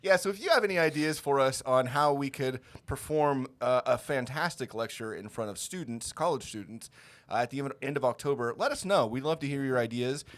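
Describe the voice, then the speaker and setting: A man in his thirties co-hosting a podcast, chatty and quick to laugh. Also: mid-range voice. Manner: laughs a lot, chatty, animated. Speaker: podcast co-host. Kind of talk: casual podcast banter.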